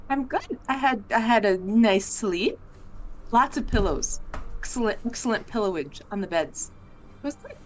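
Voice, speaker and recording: A woman plays her character in a tabletop game, reassuring and lively. Her voice sits high with a very animated pitch, and faint ambience lies behind her. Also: normal speed, slight background noise. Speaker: player. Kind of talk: in-character tabletop role-play.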